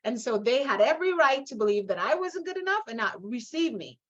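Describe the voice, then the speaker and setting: Woman, Guyanese accent, middle-aged, fairly high voice, emphatic, slightly muffled sound. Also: fairly quick. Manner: animated, emphatic, laughs often. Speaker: guest, leadership coach. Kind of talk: interview storytelling.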